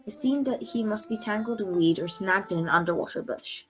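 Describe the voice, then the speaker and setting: A woman's voice: mid-range voice, faint music behind. Woman reading a story aloud. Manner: measured, expressive reading. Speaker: storybook reader. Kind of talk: reading a book chapter aloud.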